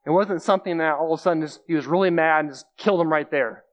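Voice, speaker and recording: A man's voice: a little high, quick pace. A man giving a conversational sermon, explaining scripture plainly and repeating key phrases for emphasis. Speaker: preacher.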